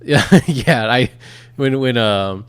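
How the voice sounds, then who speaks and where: A man co-hosting a fan podcast, telling a lively story and laughing along as he goes. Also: medium pitch, slow pace, clear, resonant tone. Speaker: podcast co-host. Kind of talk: casual chat.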